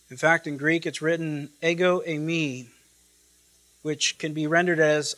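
A man preaching an expository sermon, emphatic and repetitive, swinging from loud declarations to hushed lines and drawing out quoted scripture and Greek words. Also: on the high side, fairly even intonation, a little slow, rough recording.

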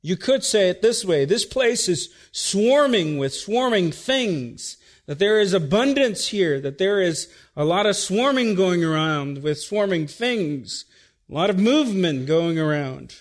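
Male pastor, high-pitched, expository preaching, teacherly, checks in with listeners. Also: expressive, moderate pace. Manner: teacherly, repeats okay to check listeners, dry asides. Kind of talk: expository sermon.

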